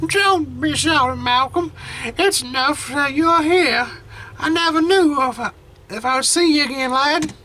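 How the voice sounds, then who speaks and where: A man voicing a frail, tender elderly grandmother in a game, with a high, quavering old-lady voice and slow, drawn-out lines. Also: pushed and bright, exaggerated voice, low-quality recording.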